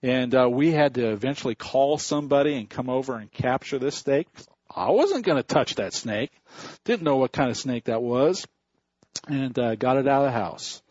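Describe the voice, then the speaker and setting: A male pastor preaching a sermon in a church, telling stories in a slow, deliberate way, with a husky voice. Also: mid-range voice, darkish tone, no echo. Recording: dull dry recording.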